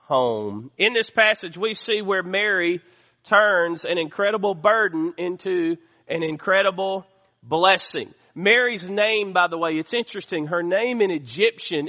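A man delivers a sermon from the pulpit, his voice pitched high and bright. He keeps drawing responses from the congregation as he preaches. The sanctuary adds a long, lingering reverb behind him. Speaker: pastor. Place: church sanctuary.

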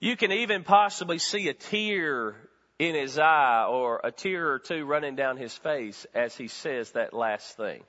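A man preaches a sermon in a church with a bright, forceful voice that sits a little high. His delivery is animated, climbing to loud bursts and then sinking into hushed, low-voiced stretches. The sound is dull and rings with a long hall reverb. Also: measured pace. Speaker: pastor. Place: church sanctuary.

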